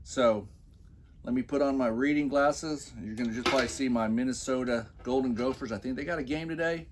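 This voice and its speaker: A man's voice: medium pitch, fairly quick, noisy background. A man giving mocking commentary on a post he reads aloud from his phone, with sarcastic, scornful asides. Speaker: commentary vlogger.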